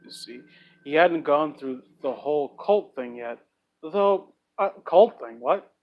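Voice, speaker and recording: A young man reads an online story aloud and mocks it with sarcastic, swearing asides. His voice sits a little high and swings wildly up and down, bursting with energy. It sounds like a casual home setup. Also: expressive, measured pace, highs cut off. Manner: sarcastic, profane, riffing asides. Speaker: YouTuber reading fan fiction. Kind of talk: comedic dramatic reading with commentary.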